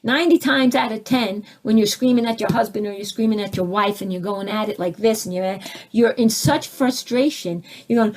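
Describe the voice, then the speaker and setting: A woman leading a live spiritual teaching session, taking audience questions and acting out the voices of people she describes with big jumps in pitch. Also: normal speed, a little mellow. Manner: takes audience questions, conversational asides.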